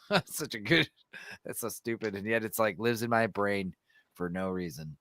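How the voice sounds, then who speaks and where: A man's voice: fairly low pitch, moderate pace, a bit bright, no room sound, studio quality. A man hosting a casual podcast chat, rambling, laughing often and swearing casually, his throat a little sore. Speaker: podcast host.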